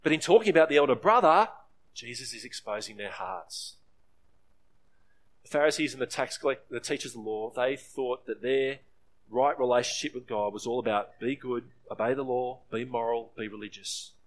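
A man preaching a sermon, earnest, briefly acting out the voices in the story. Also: normal speed. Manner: earnest preaching, acts out quoted voices with rising pitch. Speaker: pastor.

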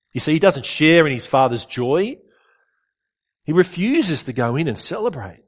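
A man preaching a sermon in an earnest, conversational way with rhetorical questions. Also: mid-range voice.

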